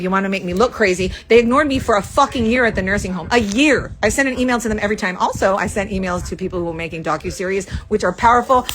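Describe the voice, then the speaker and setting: A woman venting angrily to the camera, firing off profane, rapid accusations from a rented room. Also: mid-range voice, fairly bright tone. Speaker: vlogger. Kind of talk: angry venting monologue to camera.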